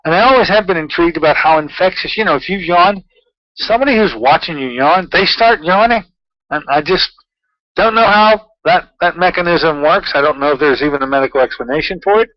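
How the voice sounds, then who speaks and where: A man's voice: on the high side, animated, a little fast, no room sound, dull audio. A man hosting his own talk show, chatting loosely through news items with many fillers and asides. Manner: chatty, rambling, with frequent fillers. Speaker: radio show host. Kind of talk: casual talk-show monologue.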